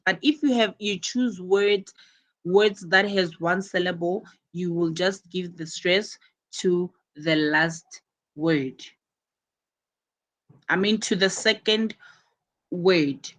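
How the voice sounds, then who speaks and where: A woman's voice: medium pitch, poor audio. A woman teaching an English pronunciation lesson to students, patiently repeating and stressing key words as she explains.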